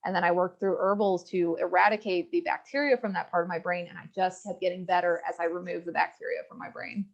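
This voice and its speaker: A woman's voice: fairly low pitch, fast talker. A young woman from rural Virginia, a guest telling her health story in a candid, earnest interview. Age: young adult. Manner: earnest, frank, quotes others in lively asides. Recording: slightly dull lo-fi audio.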